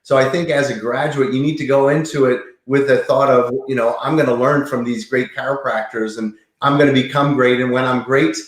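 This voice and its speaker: A man's voice: medium pitch, fairly even intonation, fairly quick, hardly any pauses, echoey room. A man in his fifties, a chiropractor, talking earnestly and enthusiastically as an interview guest, often restarting his sentences. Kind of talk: casual interview talk.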